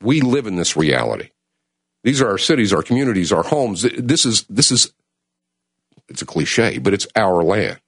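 A man hosting a call-in talk radio show, speaking with urgent, emotional passion that swings between loud and hushed. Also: on the low side, sing-song, moderate pace, breathy edge, no room sound, clean studio sound. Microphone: studio mic.

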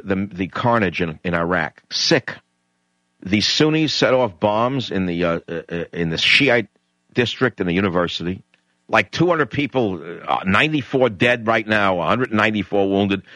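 A man's voice: on the low side, animated, moderate pace, sharp tone, no echo. A middle-aged man hosting a talk radio show, speaking in a blunt, indignant, ranting manner. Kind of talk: political talk radio monologue.

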